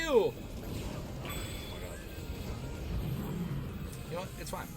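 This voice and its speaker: A man live-streaming a video game, reacting with excited yelps and exclamations. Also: a little high, slow. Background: game music.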